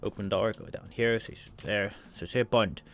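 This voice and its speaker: A man rattles through live game commentary in a fairly low voice, narrating each step and spelling words letter by letter. A faint hiss and the odd click sit behind him. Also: fairly even intonation, moderate pace, a bit bright. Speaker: let's play gamer.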